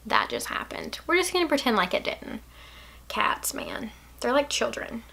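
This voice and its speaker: A young woman from Alabama with a Southern accent, chatting casually through a makeup tutorial, playful and drifting into soft asides. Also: a little high, huge pitch swings, moderate pace, vocal fry, in a whisper. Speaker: beauty vlogger.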